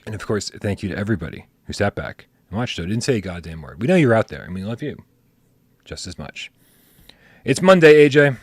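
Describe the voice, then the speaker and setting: Lively man hosting a casual stream. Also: fairly low pitch, brisk, husky, no room sound. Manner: animated, mock-exasperated, laughing, rambling. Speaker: podcast co-host. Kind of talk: casual livestream chat.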